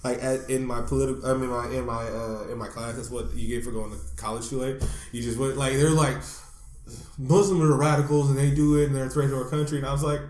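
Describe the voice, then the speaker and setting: A man co-hosting a podcast, ranting in casual chat, animated and profane, laughing as he talks. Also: mid-range voice, quick pace, echoey room, a little hiss or hum. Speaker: podcast co-host.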